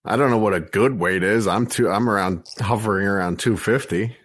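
A man co-hosting a podcast with a fairly low voice, recorded dry and close with no room sound. He chats in an easygoing way, dropping frequent "uh" fillers. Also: brisk, dry recording. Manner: relaxed, uses many "uh" fillers while plugging shows. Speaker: podcast co-host. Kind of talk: casual podcast banter.

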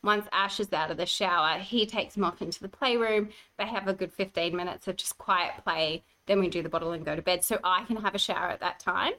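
On a low-quality recording, a pregnant woman co-hosting a podcast chats casually in a lowish voice, a little fast and with hardly any pauses. She's an animated storyteller who acts out the voices in her stories.

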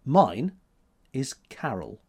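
A man's voice: very animated, a little mellow, slightly rough, full character voice. A man voicing a spirited, defiant young woman sculptor who talks in a raised, teasing voice. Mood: playful. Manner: teasing, quick-tempered, higher voice.

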